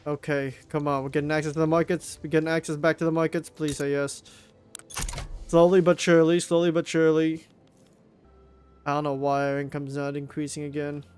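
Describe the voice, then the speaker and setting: Young man, gaming commentary, exasperated and swearing, slightly high voice, faint music behind. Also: completely flat delivery, fast talker, few pauses, clear, resonant tone. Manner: exasperated, swears, groans and pleads at the game. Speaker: gameplay commentator. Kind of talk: strategy game let's play commentary.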